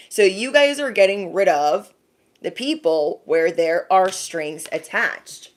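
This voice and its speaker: A woman giving a spiritual tarot reading to camera, chatty, calling the listener bestie and slipping into exaggerated voices for people she quotes. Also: mid-range voice. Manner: chatty, calls the viewer bestie. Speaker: tarot card reader.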